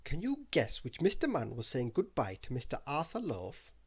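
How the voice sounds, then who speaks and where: Man, bedtime story read-aloud, expressive, animated intonation. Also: medium pitch, moderate pace, slightly rough. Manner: lively, expressive reading.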